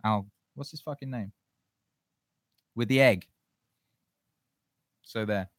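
A man's voice: medium pitch, slow, long pauses, dry recording, clean studio sound. A man hosting a listener question show, chatting loosely and profanely, rambling with frequent restarts. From England. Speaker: podcast host answering listener questions. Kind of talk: casual solo chat.

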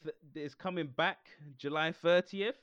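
A man's voice: on the high side, measured pace, fairly bright tone, dry recording, lo-fi sound. A man co-hosting a casual podcast chat, joking around and laughing often. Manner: jokey, mimics people in silly voices, laughs often. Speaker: podcast co-host.

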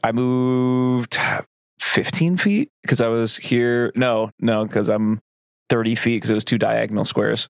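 A man's voice: mid-range voice, fairly even intonation, measured pace, vocal fry, no room sound. A man playing a tabletop game, arguing his case and reading out rules. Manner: argumentative, reads out rules. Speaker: player.

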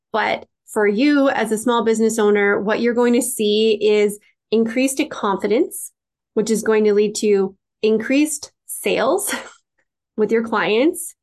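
A woman podcast host and branding coach answering interview questions in a chatty way, with lots of "like" fillers. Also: mid-range voice. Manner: chatty, frequent "like" fillers, light laughs.

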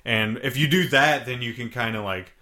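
A man's voice: mid-range voice, normal speed, bright, forceful tone. Rambling, casual podcast man. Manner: loose, rambling, swears casually. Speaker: podcast co-host. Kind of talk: casual chat.

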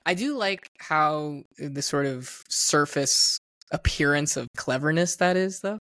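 A man's voice: a little high, expressive, measured pace, sharp tone, no echo, clean studio sound. A man co-hosting a film podcast, chatting casually with frequent laughs and many "like" fillers. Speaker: podcast co-host.

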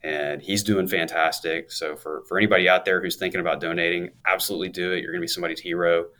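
This guest talks fast in a low-pitched, sharp voice with a flat delivery. A law firm owner in his thirties, he tells his story on an interview show in a chatty, upbeat manner, laughing occasionally.

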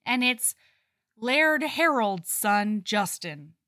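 A woman's voice: on the high side, lively intonation, extremely slow, sharp tone, dry recording, studio quality. A woman co-hosting a casual book podcast, animatedly retelling scenes and acting out characters' lines. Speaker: podcast co-host. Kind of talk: casual book-club chat.

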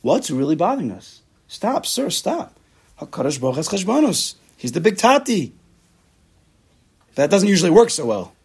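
Gravelly, husky man teaching a class. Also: fairly high pitch, brisk. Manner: animated, acts out inner voices, mixes in Hebrew terms. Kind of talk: classroom lecture with student questions.

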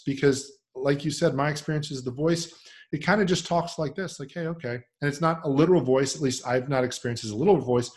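A middle-aged man talks through his ideas in a casual, thoughtful interview. His voice sits in an ordinary middle register, and he shifts into animated voices when he acts out friends or his own inner thoughts. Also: mid-range voice. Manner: reflective, animated when quoting others. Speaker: podcast guest.

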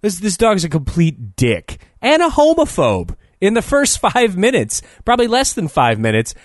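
A man's voice: sits high, wildly swooping pitch, normal speed, dry recording, clean studio sound. A man co-hosting a podcast, talking casually and profanely with an exasperated tone as he reviews a film, laughing often. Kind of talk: casual comedic chat.

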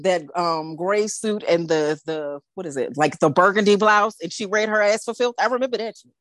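A woman co-hosting a casual podcast panel chat, telling stories in a sassy, animated, slangy way. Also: medium pitch, brisk, no room sound. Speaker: podcast co-host.

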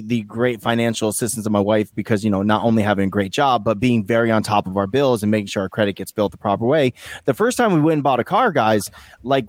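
An enthusiastic man co-hosting a podcast, rambling and casually swearing as he talks. His pitch sits in the middle and the recording is dry and close. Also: no room sound. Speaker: podcast co-host. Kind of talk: casual chat.

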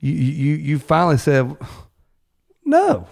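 A man's voice: mid-range voice, unhurried, a little mellow. A man hosting an interview, stumbling a little as he sums up his guest's point. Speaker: host. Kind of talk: conversational interview.

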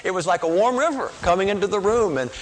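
A man's voice: high-pitched, animated, fast talker. A man preaching a sermon, telling a story with earnest emotion and acting out the voices of people in it.

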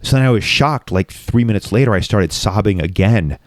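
A man with a lowish voice tells a painful personal story in frank, unguarded conversation. He is reflective and swears freely. His voice sits close and dry on the mic, with no room sound. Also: expressive, normal speed, no echo. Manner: raw, reflective, frequently profane.

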